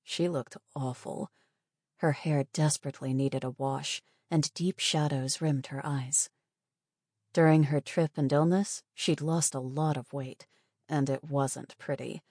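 A woman reads a novel aloud in a measured, steady way. Her voice is low and husky, and the recording is dry and close with no room sound. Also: dry recording. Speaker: audiobook narrator. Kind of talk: scripted narration.

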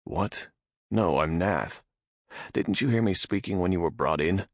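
Man reading a fed-up sarcastic prisoner, low gravelly voice, dry close sound. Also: expressive, unhurried, no room sound, full character voice. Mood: irritated. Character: irritated, sarcastic young male prisoner.

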